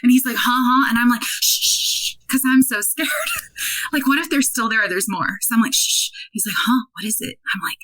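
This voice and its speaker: Guest in her 30s, a woman with a fairly high, sharp voice, chatty and animated, acts out dialogue. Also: a little fast, rough recording. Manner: animated, many "like" fillers, acts out quoted dialogue. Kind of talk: casual interview storytelling.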